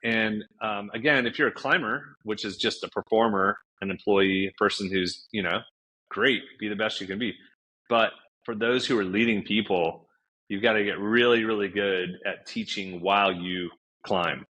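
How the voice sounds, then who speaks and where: A man, guest on a podcast, tells stories with vivid energy, acting out what people said with big leaps in his voice. His voice sits fairly low and sounds forceful and bright. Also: normal speed. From United States. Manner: animated storyteller, acts out quoted dialogue with big pitch jumps. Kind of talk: casual storytelling interview.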